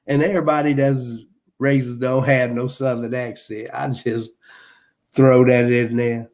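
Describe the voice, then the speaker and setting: A man's voice: mid-range voice, flat delivery, a little slow, a little mellow. A man giving casual spoken commentary, rambling and emphatic, with many restarts, fillers and pointed rhetorical questions. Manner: rhetorical questions, wry laughs. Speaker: live show commentator.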